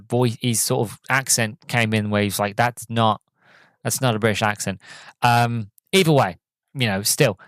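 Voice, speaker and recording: A man's voice: mid-range voice, no room sound. A man hosting a podcast, reviewing a film in casual chat, rambling with many fillers and restarts. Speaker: podcast host.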